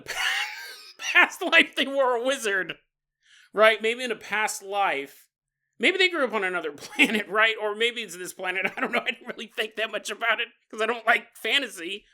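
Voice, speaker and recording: A man's voice: sits high, big pitch swings, moderate pace, bright, forceful tone. A man hosting a podcast alone, talking casually and playfully, often laughing at his own jokes. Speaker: podcast host. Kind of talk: casual monologue.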